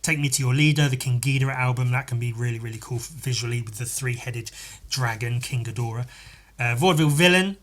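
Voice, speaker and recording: A man's voice: mid-range voice, fairly quick, fairly bright tone. A man hosting a podcast, chatting casually and rambling while he draws, swearing freely and muttering to himself. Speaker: podcast host and artist. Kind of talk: casual chat while drawing.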